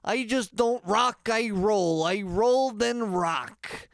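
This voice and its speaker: A man puts on a brash, boastful rock star persona, every word drawn out and hollered. The pitch shoots up well above a normal speaking voice. It sounds dry and close, with no room around it. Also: gravelly, no room sound, heavily acted. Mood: swaggering. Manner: loud, drawn-out, boastful bellowing.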